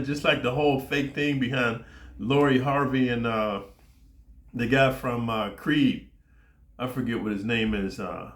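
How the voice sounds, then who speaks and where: A brash middle-aged man rants through a crude story, swearing freely and calling out "man" and "dude" every few words. His voice sits in a mid range. It rings with noticeable room echo. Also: mid-range voice. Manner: brash, foul-mouthed, peppers talk with "man" and "dude". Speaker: YouTube storyteller. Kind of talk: profane storytelling rant. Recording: roomy echo.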